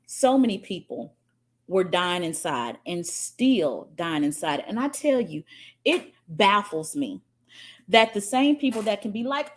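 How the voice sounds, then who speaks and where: A woman's voice: medium pitch, very animated, unhurried, slightly rough. A woman coaching spiritually on a livestream, answering comments in a fiery, profane, preachy way.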